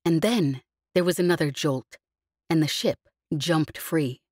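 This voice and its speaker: A woman narrating an audiobook with an expressive, vivid storytelling delivery. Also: deep voice, measured pace, breathy edge, no room sound, studio quality.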